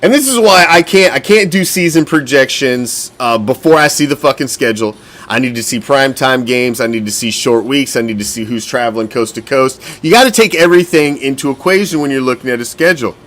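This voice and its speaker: A man's voice: medium pitch, brisk, fairly bright tone. Profane, blunt man hosting a fan show. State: winded. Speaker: podcast host. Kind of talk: casual fan show talk.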